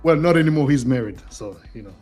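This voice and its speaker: A man co-hosting a casual talk show, teasing the others with quick interjections. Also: medium pitch, lively intonation, a little mellow, faint music behind.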